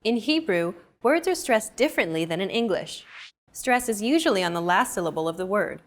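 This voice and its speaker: Lesson host, woman, clear measured scripted narration, medium pitch. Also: expressive.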